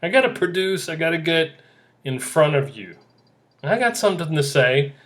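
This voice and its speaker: A man hosting his own podcast in an excitable, rambling solo monologue, often repeating himself and joking about his own eccentricity. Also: on the high side, normal speed. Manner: excitable, repetitive, self-deprecating. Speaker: podcast host.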